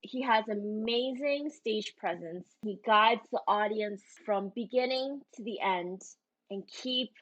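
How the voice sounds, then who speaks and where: Calm woman giving measured praise. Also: medium pitch. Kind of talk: measured reaction commentary. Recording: dull lo-fi sound.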